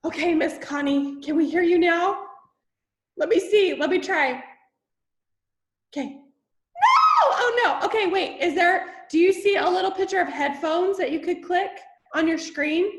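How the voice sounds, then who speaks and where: A woman's voice: extremely high pitch, normal speed, roomy sound. A woman hosting a team video call, supportive and apologetic in a casual way.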